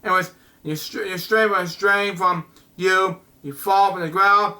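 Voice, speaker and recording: Bright, high-voiced man reading comics aloud. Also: fairly even intonation. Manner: halting, with frequent "wow" and "anyways". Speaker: comic book reviewer, channel host. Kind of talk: casual reading and commentary.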